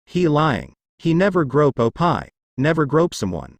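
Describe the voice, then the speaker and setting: Synthetic male narrator, bouncy pitch, dry close sound, reads odd text literally. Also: big pitch swings, unhurried, vocal fry, no room sound. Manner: reads spelled-out letters and punctuation literally. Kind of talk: text-to-speech fanfic reading.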